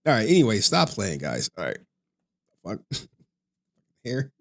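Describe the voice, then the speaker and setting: Tired young dude on a late stream, rambly, swears a ton, keeps laughing, voice goes up and down a lot. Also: male voice, on the low side, wildly swooping pitch, takes it slowly, vocal fry, long pauses. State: tired from lack of sleep. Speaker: streamer host. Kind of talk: casual late-night livestream chat.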